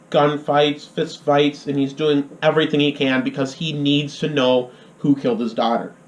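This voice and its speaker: A young adult man giving a casual, rambling spoken movie review on a college radio show. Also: a little high. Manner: rambling, conversational, with restarts. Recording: roomy, dull lo-fi sound.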